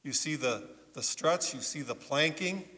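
A man preaching as a pastor in a church, telling a story in an animated way and putting questions to his listeners. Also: a little high, a little slow. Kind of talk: children's sermon storytelling. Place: church sanctuary. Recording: long church reverb.

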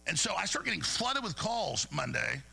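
A man with a high, gravelly, sharply bright voice rants through a radio monologue. He stumbles over repeated words as he pushes on. A faint mains hum sits under the recording. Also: big pitch swings, moderate pace, poor audio. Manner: rambling, repeats words, heated. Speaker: radio show host. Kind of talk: agitated talk radio monologue.

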